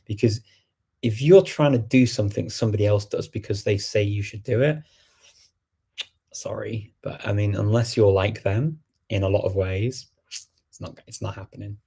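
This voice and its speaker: A man's voice: lowish voice, normal speed, creaky, warm tone, slightly rough. A middle-aged man hosting a casual livestream Q&A, rambling and thinking aloud with many fillers. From England. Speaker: host. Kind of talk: livestream Q&A chat.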